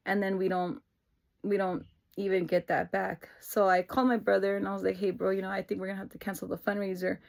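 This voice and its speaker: Young woman, casual vlog, rambling storytelling, gravelly, lots of fillers. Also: medium pitch. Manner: rambling, many fillers and restarts, laughs through tears. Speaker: vlogger.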